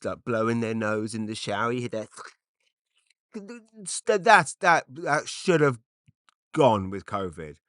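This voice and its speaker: Speaking in a lowish voice, this middle-aged comedian from Britain meanders through his own unscripted podcast, poking fun at himself amid constant fillers and false starts. The sound is dry and studio quality.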